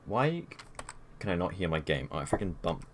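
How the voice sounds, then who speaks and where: Sing-song and low-pitched, this young adult from Australia talks fairly quickly over slight background noise while streaming on a headset from his desk. He rambles casually, restarting sentences and leaning on filler words.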